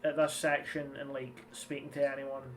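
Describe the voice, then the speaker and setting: A man's voice: medium pitch, monotone, normal speed, slight background noise. A man, giving casual, rambling gameplay commentary and swearing freely. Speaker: streamer. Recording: slightly distant mic with game music.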